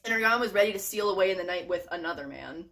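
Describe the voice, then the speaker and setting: A young adult woman giving a casual, sarcastic rant review, retelling the plot with quick playful voices. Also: fairly low pitch, animated, sharp tone. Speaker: book reviewer.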